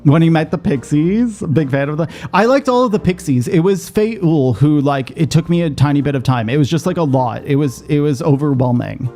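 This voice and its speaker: A man streaming a game, chatting rapidly and swearing freely as he plays. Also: on the high side, lively intonation, dark tone, soft background music. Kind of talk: casual gaming commentary.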